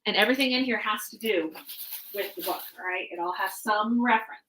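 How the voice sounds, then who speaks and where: A woman's voice: mid-range voice, fairly quick, pushed and bright, slight background noise, low-quality recording. A young adult woman chatting casually on a live stream while packing boxes, rambling with many fillers, her voice a bit worn. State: voice going hoarse. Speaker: author hosting a live stream.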